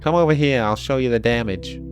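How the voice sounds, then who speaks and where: A man's voice: mid-range voice, a little fast, soft background music, voice pushed up, close to an everyday voice. Man putting on a chirpy, nasal woman librarian. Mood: chirpy, brisk. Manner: exaggerated put-on accent, nasal and sing-song.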